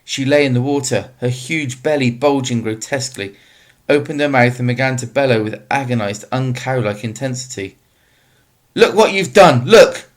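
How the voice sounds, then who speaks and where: A man reading a novel aloud as narrator, in a steady, measured way. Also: medium pitch. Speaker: audiobook narrator.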